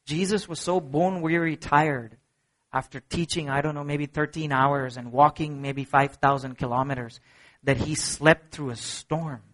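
A middle-aged man preaching a sermon as pastor, earnest and emphatic, swinging from soft low passages to ringing peaks. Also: fairly even intonation, moderate pace.

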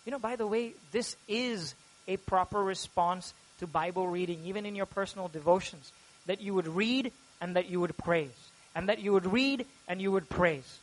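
A pastor delivering a sermon, a man with a notably high-pitched voice. He preaches earnestly, growing loud and animated when voicing prayers aloud. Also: moderate pace, rough recording.

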